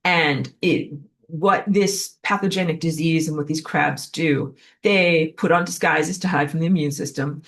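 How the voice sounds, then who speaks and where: A woman giving a casual spoken lecture, talking in a chatty way with lots of "like" and fillers. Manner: animated, acts out quoted voices with jumps in pitch; chatty, heavy use of "like" and fillers. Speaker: online lecturer.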